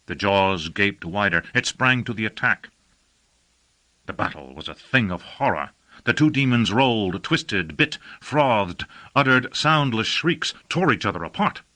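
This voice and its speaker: A male audiobook narrator with a lower voice and a bright, forward tone. He reads in a measured, storytelling manner. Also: expressive. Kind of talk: scripted narration.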